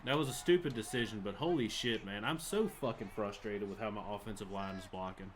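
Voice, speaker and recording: A man's voice: lowish voice, fairly quick, slight background noise. A young man giving live commentary over a football video game, frustrated and swearing as he rants about the plays. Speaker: gaming channel host.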